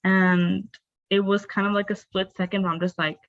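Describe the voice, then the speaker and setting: A woman's voice: mid-range voice, level tone, normal speed, narrow, tinny audio. A young woman of Bengali family background, speaking candidly and earnestly as a podcast guest, with lots of casual fillers. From raised in a Bengali family. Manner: candid, earnest, uses many fillers like "like" and "you know". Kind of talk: personal storytelling in a conversation.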